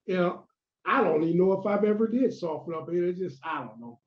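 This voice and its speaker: High-voiced man telling old stories in a roomy, muffled recording. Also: expressive, a little fast. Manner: rambling, full of restarts and acted-out quotes. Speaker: former pro wrestler, interview guest. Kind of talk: casual storytelling interview. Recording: roomy, dull lo-fi sound.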